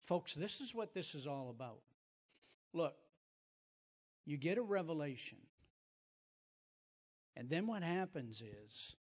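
Male host-preacher, slightly high pitch, emphatic teaching delivery, reverberant sound. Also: slightly rough. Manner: emphatic, repeats words as he builds a point. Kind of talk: sermon-like teaching.

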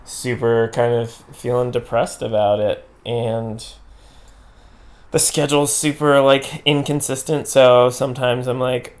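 Casting: gravelly, relaxed man, co-host of a casual chat, hesitant delivery. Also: mid-range voice. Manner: laid-back, halting, lots of fillers.

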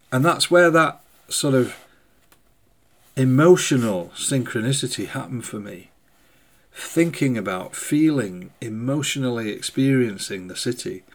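A man hosting a podcast, speaking a slow, thoughtful spoken meditation with hesitant phrasing. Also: medium pitch. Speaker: podcast host. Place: indoors by a window in the rain.

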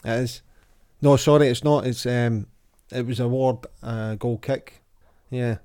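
A man's voice: mid-range voice, a little slow, clear, resonant tone. A man hosting a casual football chat, reading out old quotes and quizzes. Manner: chatty, reads quotes aloud with lively voices. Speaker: podcast host.

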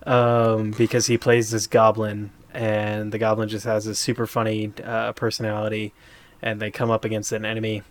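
A man co-hosting a podcast, retelling a game moment in a rambling, animated way with many fillers. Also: lowish voice, moderate pace. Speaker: podcast co-host. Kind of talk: casual chat.

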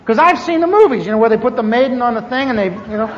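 A man's voice: very high-pitched, very fast. An older man telling a humorous personal testimony, acting out the dialogue as he goes. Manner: animated storyteller who acts out the dialogue. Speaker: speaker giving a personal testimony. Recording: echoey hall, dull lo-fi sound, faint hiss.

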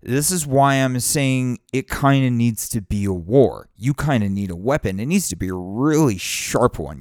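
A man's voice: medium pitch, lively intonation, moderate pace, few pauses, a little mellow, dry recording, studio quality. A man giving a blunt, profane, fired-up motivational monologue.

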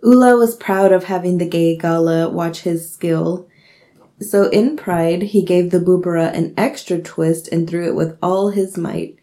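A woman's voice: on the low side, steady tone, measured pace, dark tone. A young woman co-hosting a podcast, trading playful quips and reading a folk tale aloud. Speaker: podcast co-host.

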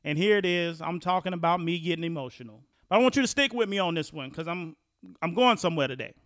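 A man's voice: on the high side, fast talker, a bit bright, no echo, studio quality. A man hosting a podcast, talking in a casual, conversational way and often restarting his sentences as he thinks. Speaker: podcast host.

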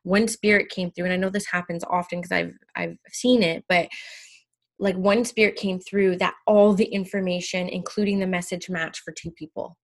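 A woman's voice: fairly low pitch, moderate pace. A woman co-hosting a podcast, telling stories about her spirit work with energy and acting out her own quotes. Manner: animated storyteller who acts out her own quotes. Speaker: podcast co-host and medium. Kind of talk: casual chat.

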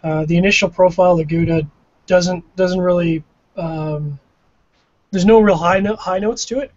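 Canadian man, mid-high voice, muffled audio. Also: steady tone, moderate pace, darkish tone. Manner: thoughtful, musing, self-deprecating. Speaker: co-host of a cigar pairing show. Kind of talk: casual tasting chat. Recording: dull lo-fi audio.

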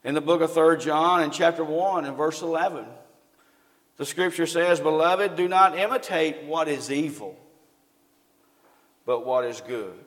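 A man's voice: a little high, a little slow, pauses often, a bit bright. A man preaching a sermon in a folksy way, often asking his congregation questions. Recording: long hall reverb.

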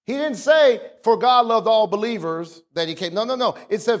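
A male pastor preaching a sermon, calling out to the congregation and stretching out words for emphasis. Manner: preaching with call-outs to the congregation; swings from low explaining talk to raised, drawn-out emphasis.

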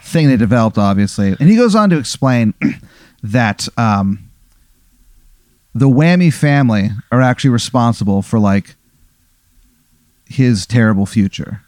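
A man's voice: mid-range voice, animated, measured pace, long pauses, darkish tone, no echo. A man casually improvising a comic story in a rambling, profane way.

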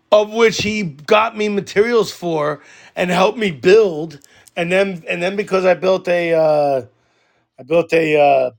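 A man, co-hosting a podcast and telling a story in casual chat, animated and swearing a lot. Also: on the high side, gravelly. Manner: animated, swears a lot, loudly acts out quoted arguments. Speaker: podcast co-host.

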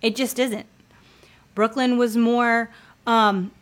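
A woman in her thirties with a somewhat high voice speaks earnestly to other parents. She talks in a loose, conversational way, using plenty of fillers and leaning hard on key words. The tone is that of a heartfelt faith-based advice chat. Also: unhurried. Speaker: homeschooling mother sharing advice.

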